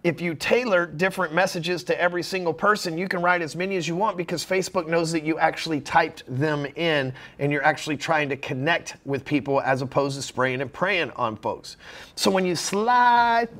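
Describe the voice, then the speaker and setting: A man's voice: a little high, fairly bright tone. Blunt, profane male sales coach. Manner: blunt, profane, acts out mock messages in quick voices. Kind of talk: profane motivational sales talk.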